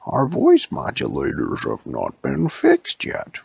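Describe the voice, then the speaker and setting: A man voicing a touchy robot chicken with a broken voice box, speaking raised and slow. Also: mid-range voice, huge pitch swings, vocal fry, darkish tone, husky, dry recording, lo-fi sound, pitched above the performer's own voice, full character voice.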